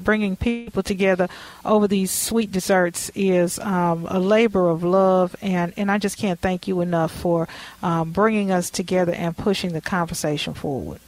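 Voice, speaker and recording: A woman hosting a talk show, warmly affirming her guest in casual interview chat. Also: mid-range voice, moderate pace, no room sound, low-quality recording. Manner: affirming and lively, with emphatic praise.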